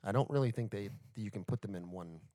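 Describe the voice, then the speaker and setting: A man's voice: fairly low pitch, fast, dark tone, no room sound. Podcast co-host, man from Florida, easygoing, profane, dry mic. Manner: laid-back, swears freely. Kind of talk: casual podcast chat.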